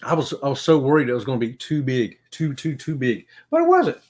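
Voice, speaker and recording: A man's voice: medium pitch, a little fast, darkish tone. A middle-aged man hosts a casual livestream, reading out viewer comments in a folksy, upbeat way and chuckling often. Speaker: livestream host.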